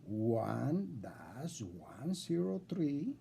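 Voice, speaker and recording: Man, indignant and lecturing, with a very mellow, dark tone and a little background hum. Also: mid-range voice, sing-song, drawn-out words, creaky. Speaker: self-represented litigant addressing a judge. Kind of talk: recorded complaint video.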